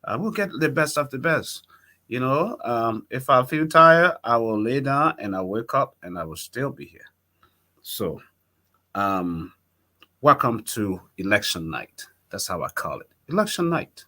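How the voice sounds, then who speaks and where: Animated, bright-voiced male host. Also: mid-range voice, unhurried. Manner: animated, excitable, talks straight to viewers. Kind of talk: live election night talk show.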